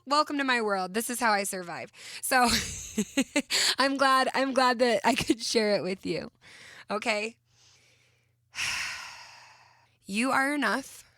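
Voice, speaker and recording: A woman in her thirties hosting a self-help podcast, talking gently and encouragingly as she guides listeners through a visualization. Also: a little high, no room sound, clean studio sound. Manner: gentle, encouraging, slowing into soft whispered visualizations. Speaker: podcast host.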